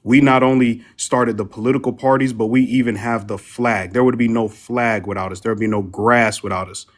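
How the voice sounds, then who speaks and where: A man's voice: mid-range voice, steady tone, a little fast. A man co-hosting a heated live panel debate on an online call, grilling and cutting off a caller. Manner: combative, interrogating. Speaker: panel co-host.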